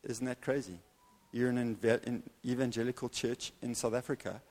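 A man preaching a sermon in an evangelical church, telling a story with animated delivery and dramatic pauses. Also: medium pitch.

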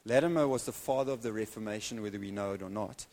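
A man preaching a sermon in an evangelical church, telling a story with animated delivery and dramatic pauses. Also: fairly low pitch.

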